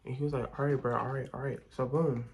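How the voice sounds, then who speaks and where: A man's voice: medium pitch, little pitch movement, fast talker, background noise. A young man chatting casually and expressively as he tells a storytime while doing his makeup, with frank, profanity-laced gossip. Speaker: vlogger.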